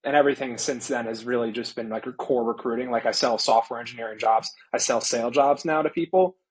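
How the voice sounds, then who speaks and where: A man in his late twenties, a recruiter talking as a guest in a casual interview, relaxed and filling his speech with "like". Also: mid-range voice, quick pace, slightly rough, rough recording. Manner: relaxed, heavy use of "like".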